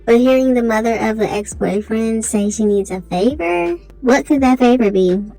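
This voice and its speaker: Brief: reaction host, woman, high-ish voice, soft music behind. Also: moderate pace, vocal fry, rough recording. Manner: emphatic, questioning commentary. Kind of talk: reaction commentary.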